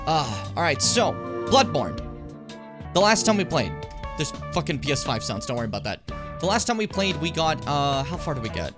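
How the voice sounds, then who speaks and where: A man's voice: on the high side, very animated, normal speed, music in the background. A young man hosting his own gaming stream from home, chatting casually with swearing and self-mocking asides. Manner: rambling, self-mocking, frequent swearing and fillers.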